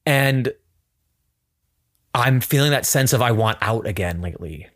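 A man's voice: medium pitch, normal speed, fairly bright tone, no echo, clean studio sound. A man hosting a podcast in casual chat, talking candidly and emotionally, holding back tears. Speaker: podcast host. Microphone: studio microphone.

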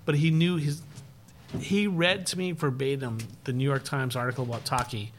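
A man's voice: medium pitch, steady tone, a little hiss or hum. Swearing, laughing graffiti artist man. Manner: profane, laughs often, rapid bursts. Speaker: graffiti artist and live-stream host. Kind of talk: casual podcast chat, storytelling.

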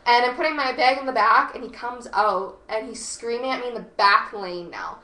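Speaking at normal speed with a somewhat high voice, this woman is a podcast guest recounting something personal in relaxed conversation. She's animated, leans heavily on "like," curses freely, and the room is echoey with faint noise.

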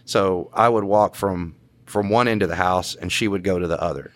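Male podcast cohost, very low voice, dry close mic, relaxed storyteller. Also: moderate pace, no echo. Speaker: podcast co-host, police officer. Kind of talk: casual storytelling.

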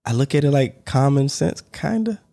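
A man's voice: mid-range voice, moderate pace, creaky. Guy on a chill podcast telling a story, acts out what people said, laughs a lot. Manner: animated storyteller, acts out quoted voices, laughs between lines. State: on crutches. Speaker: podcast co-host. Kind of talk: casual storytelling chat.

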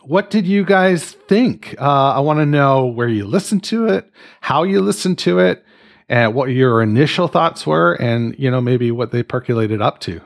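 A man's voice: mid-range voice, expressive, normal speed, creaky. A man from Canada hosting a casual podcast, chatting in a jokey, playfully wordy way. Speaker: podcast host.

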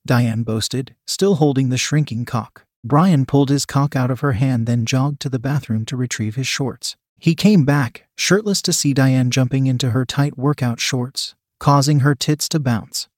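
A man narrating adult fiction in an even, matter-of-fact reading. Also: mid-range voice, unhurried, few pauses, no room sound, clean studio sound.

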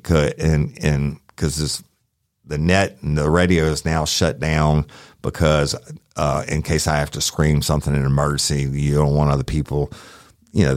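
Very deep-voiced man telling a story. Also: no echo, clean studio sound. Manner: rambling, profane, acts out quotes. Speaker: podcast host, former sheriff's deputy. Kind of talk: casual true-crime storytelling.

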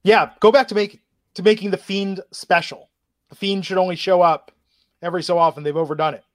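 Guy recapping wrestling on a podcast, kinda high voice, dry close mic, laid back. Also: steady tone, a little fast, no echo. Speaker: podcast co-host. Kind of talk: casual wrestling recap chat.

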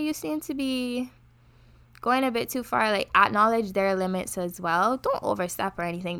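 A young woman from Barbados with a Barbadian accent, co-hosting a podcast in casual, animated chat. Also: lowish voice, smooth. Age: young adult. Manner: animated, chatty, quick to laugh. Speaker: podcast co-host.

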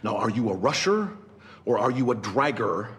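An actor playing a cruel, explosive male band conductor, swinging from menacing hush to roaring insults, in a film clip. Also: medium pitch, very animated, normal speed. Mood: furious. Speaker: abusive jazz band conductor. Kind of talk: film drama acting. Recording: film clip with faint noise.

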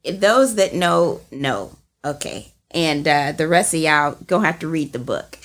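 Lowish-voiced emphatic woman co-host. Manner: animated and emphatic, given to dramatic pauses. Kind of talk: casual discussion.

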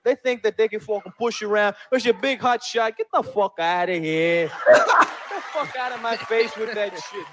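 A man's voice: high-pitched, lively intonation, heavy background noise. A man voicing a brash, profane Italian-American moviegoer in a stand-up comedy bit. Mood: swaggering. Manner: swaggering, profane, quick to pick fights.

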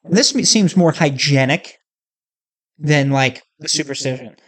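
A man's voice: on the high side, measured pace, a bit bright, breathy edge. Rambling, joking male podcast host. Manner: rambling, joking, many fillers. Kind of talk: casual podcast chat.

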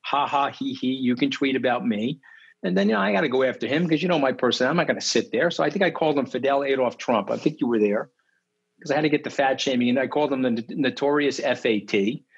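A husky-voiced man, telling stories as an interview guest. He speaks emphatically and with indignation, and his voice climbs sharply when he is outraged. The audio is slightly dull and lo-fi. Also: mid-range voice, fast talker. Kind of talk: animated interview storytelling.

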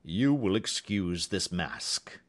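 A man voicing a haughty Bohemian king with a deep, harsh voice and a German accent. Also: sing-song, takes it slowly, exaggerated voice. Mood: formal.

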